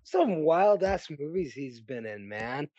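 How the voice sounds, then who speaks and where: A man co-hosting a podcast, chatting casually about movies with a relaxed, rambling manner. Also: fairly high pitch, takes it slowly. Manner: relaxed, rambling, lots of likes. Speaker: podcast co-host. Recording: dry dull lo-fi mic.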